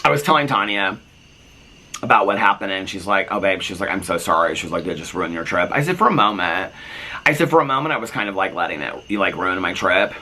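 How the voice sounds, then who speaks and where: A man's voice: low voice, quick pace. A man telling a long casual story on his vlog, chatty and full of asides, on a front porch. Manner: animated, chatty, lots of fillers and asides. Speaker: vlogger.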